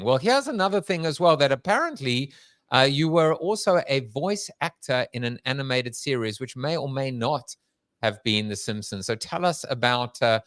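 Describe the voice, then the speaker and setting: The podcast host's voice is medium-pitched and a bit bright, recorded without echo, and carries a Long Island accent. He leads a casual interview, joking, rambling, and laughing often along the way.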